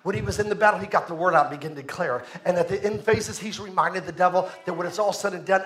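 A male pastor preaching a sermon, shouting his declarations and calling on the congregation to answer back. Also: high-pitched, quick pace, few pauses. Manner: shouting, swinging between loud declarations and quiet asides; calls to the congregation for responses.

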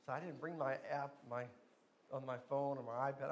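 A man preaching a sermon as pastor in a church, telling stories and acting out voices, building to loud emphasis. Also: mid-range voice, steady tone, a little fast, a little hiss or hum. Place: church sanctuary.

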